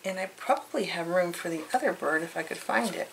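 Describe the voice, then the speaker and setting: A woman's voice: fairly low pitch, animated, a little fast, creaky, very noisy. A woman hosting a craft tutorial, chatting cheerfully and thinking aloud as she works. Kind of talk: casual craft demonstration.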